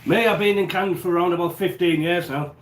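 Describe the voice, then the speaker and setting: Casting: English man, raised-pitch chatty live-stream host, stuffy nose, small echoey home kitchen. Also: quick pace. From England. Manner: chatty, rambling, answers live chat. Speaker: cooking livestream host. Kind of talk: casual live-stream chat while baking.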